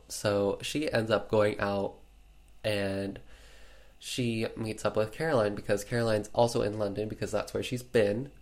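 Chatty man with a lowish voice. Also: measured pace. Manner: chatty, filler-heavy retelling with playful sarcasm. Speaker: podcast host recapping a film. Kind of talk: casual chat.

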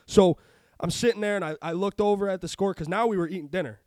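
A man's voice: high voice, quick pace, dry recording. A man hosting a sports betting podcast, talking casually and ranting with lots of swearing. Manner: profane, ranting, animated. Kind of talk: casual chat.

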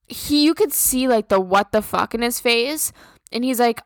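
Profane young woman ranting, higher voice. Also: moderate pace, no room sound, clean studio sound. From Minnesota. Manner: profane, blunt, storytelling. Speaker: podcast host. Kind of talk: casual rant.

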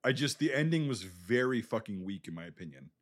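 A man's voice: on the low side, big pitch swings, fairly quick, fairly bright tone. A man from the United States co-hosting a podcast, talking bluntly and profanely in a rambling casual chat about a film. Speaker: podcast co-host.

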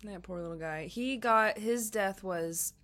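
A woman's voice: medium pitch, a little slow, fairly bright tone. A young woman co-hosting a podcast, telling stories in a casual, giggly way and swearing freely. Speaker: podcast co-host. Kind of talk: casual chat.

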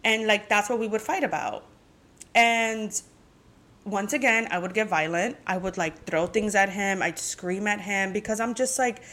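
A woman's voice: mid-range voice, normal speed, a bit bright. Woman podcast host, frank and profane, venting in casual chat.

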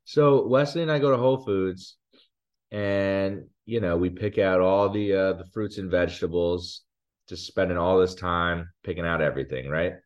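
A man's voice: deep voice, moderate pace, highs cut off. A man co-hosting a podcast, chatting casually and telling a rambling, self-deprecating story, laughing at himself. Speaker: podcast co-host. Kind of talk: casual chat.

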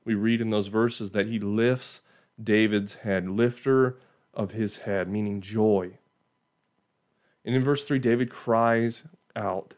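A man's voice: medium pitch, unhurried. A man giving an informal Bible teaching in a conversational way, often checking in with "right?" and restarting phrases.

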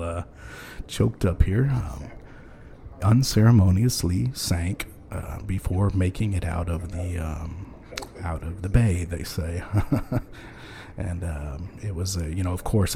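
A man's voice: sits low, creaky, mellow. A man hosting a podcast, chatting loosely with many ums and uhs and frequent chuckles. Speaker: podcast host. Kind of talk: rambling casual chat.

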